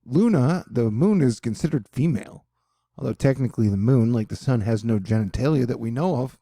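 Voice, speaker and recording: A man's voice: mid-range voice, lively intonation, a little fast, dark tone, dry recording. A man reading and joking through a news story in a casual commentary, rambling into asides.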